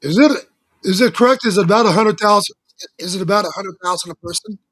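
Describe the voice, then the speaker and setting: As a guest on a casual talk show, a man with a husky, slightly rough voice tells stories in a folksy, emphatic way, often using religious turns of phrase. His pitch swings a lot, and he sounds animated and a bit bright, speaking at a quick pace.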